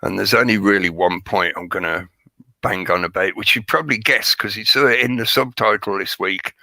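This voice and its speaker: A man hosting a live stream, his voice hoarse and crackly as he chats and jokes with viewers by name. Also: fairly low pitch, moderate pace, sharp tone, dry recording. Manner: chatty, joking, greets viewers by name. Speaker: livestream host. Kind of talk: rambling live-stream chat.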